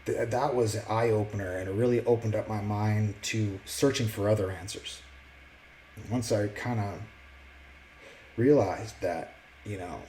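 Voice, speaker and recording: A man casually sharing a personal faith testimony, earnest and reflective, often pausing and restarting his words. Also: on the low side, warm tone, a little hiss or hum, poor audio. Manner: halting, with many restarts and fillers.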